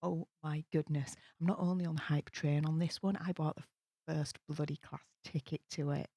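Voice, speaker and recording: A British woman hosting a live stream at night, talking low and quietly but bubbly and gushing. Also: steady tone, moderate pace, no room sound. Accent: British English. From United Kingdom. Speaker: livestream host. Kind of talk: casual live-stream chat, hushed. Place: home room at night.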